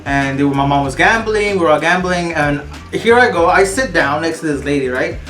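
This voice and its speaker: A woman co-hosting a casual podcast, telling stories in a lively, animated way. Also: deep voice, fairly quick. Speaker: podcast co-host. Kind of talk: casual storytelling chat. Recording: echoey room, faint music.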